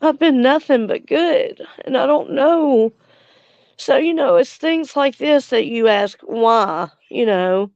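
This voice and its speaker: A woman talks to her livestream viewers, blunt and furious and swearing freely. Her voice is smooth and clear, with a dry, close sound. The recording is slightly dull and lo-fi. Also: sits high, slow, a little mellow, no echo. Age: 40s. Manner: angry, blunt, heavy swearing, reads out viewer comments. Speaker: livestream host. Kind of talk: casual livestream chat with viewers.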